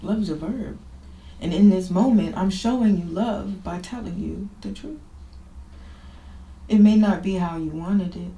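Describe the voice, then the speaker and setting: A woman with a mid-range, dark-toned voice speaks unhurriedly and pauses often, and the recording sounds muffled. Hosting a podcast, she talks about her own life informally and emphatically, reflective and confessional. The room is echoey with faint noise.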